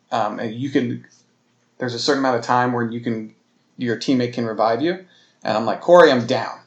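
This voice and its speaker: A man talks on his own podcast at an everyday middle pitch, retelling a story in a loose, rambling way full of restarts and asides. His voice sounds roomy, as if recorded in a bare room with some echo. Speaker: podcast host. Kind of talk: solo casual storytelling.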